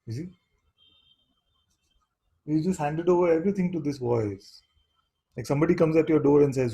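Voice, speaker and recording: Mellow, husky-voiced male spiritual teacher. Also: a little high, rough recording. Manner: unhurried, questioning, keeps asking "you see?". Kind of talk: satsang talk to seekers.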